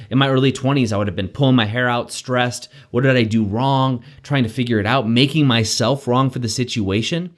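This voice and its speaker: A man hosting a daily self-help show, giving an energetic, conversational motivational talk with frequent "right?" asides. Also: mid-range voice. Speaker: coach and show host.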